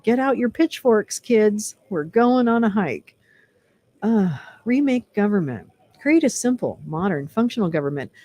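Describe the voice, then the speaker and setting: A woman's voice: mid-range voice, darkish tone. A woman vlogger reading a website aloud and mocking it with sarcastic, profane commentary. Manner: mocking, sarcastic, laughs between lines, profane asides.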